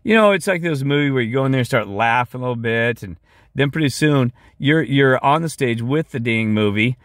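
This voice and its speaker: A weary man rambles through a heartfelt monologue, drifting between topics. His voice sits at a middle pitch and is recorded close on a dry mic, with no room sound around it. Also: expressive, brisk, no echo. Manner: rambling, impassioned, goes off track. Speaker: video creator. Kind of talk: rambling monologue with screen share.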